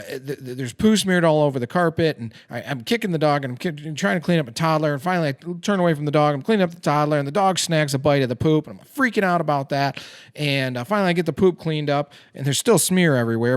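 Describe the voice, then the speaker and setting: A man's voice: medium pitch, no echo, studio quality. A man in his thirties hosting a casual podcast, a chatty, self-deprecating storyteller who uses lots of fillers. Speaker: podcast host and financial advisor. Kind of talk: casual chat over a beer.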